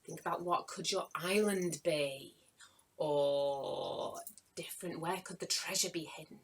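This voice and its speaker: A woman's voice: sits low, animated, unhurried, breathy edge, low-quality recording. A woman running a live online writing workshop for children, chatty and encouraging as she greets viewers by name.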